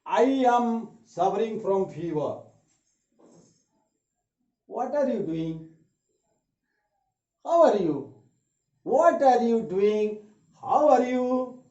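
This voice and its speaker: A man teaching an English grammar lesson, repeating each example sentence slowly. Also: high-pitched, animated, dark tone. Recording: echoey room, dull lo-fi sound.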